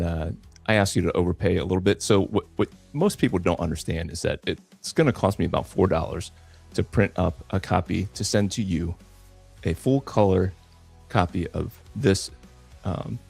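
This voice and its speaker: A man's voice: sits low, gravelly, darkish tone, breathy edge. A man hosting a live drawing stream from home, rambling casually with many fillers and repeated words. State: a little out of breath. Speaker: comic artist hosting a live draw stream. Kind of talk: casual livestream chat.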